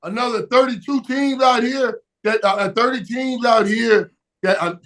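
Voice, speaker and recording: Guest spot: excitable high-pitched man, repeats himself, punches words hard. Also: normal speed. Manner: emphatic, repeats words, shouts for emphasis, laughs often. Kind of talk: animated sports talk.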